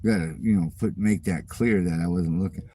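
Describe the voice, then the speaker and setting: A man's voice: low voice, moderate pace, mellow, husky. A middle-aged man hosting his channel, ranting in a casual, profane and mocking way at viewer comments. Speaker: channel host.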